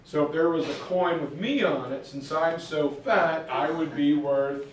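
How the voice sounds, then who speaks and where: A male teacher giving a jokey, animated history lecture in a classroom, picked up by a distant camera mic. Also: on the high side, measured pace, slight background noise. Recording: echoey classroom from far off.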